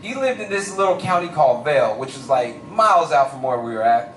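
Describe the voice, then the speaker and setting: A young man doing stand-up comedy, telling a story in animated, slangy speech. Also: mid-range voice, brisk, soft background music. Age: young adult. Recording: roomy live venue, distant mic.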